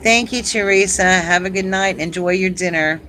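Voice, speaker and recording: A woman's voice: fairly low pitch, normal speed, bright, forceful tone, slight background noise, poor audio. Chatty Southern woman hosting a craft stream. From South Carolina, US. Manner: chatty and homey, laughs often, says "y'all". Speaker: craft channel host. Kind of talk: casual live-stream chat with viewers.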